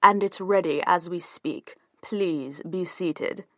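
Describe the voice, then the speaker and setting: A woman's voice: on the low side, normal speed, a bit bright, dry recording, natural voice. Woman reading as a playful young husband. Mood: teasing. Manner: teasing, joking banter. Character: easygoing playful young husband, rock musician.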